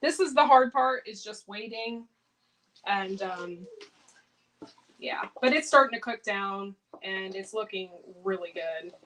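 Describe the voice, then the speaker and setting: A woman's voice: medium pitch, a little slow, fairly bright tone, a little hiss or hum, poor audio. A woman chatting casually on a cooking livestream, laughing and reacting to viewer comments. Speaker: home canning livestream host.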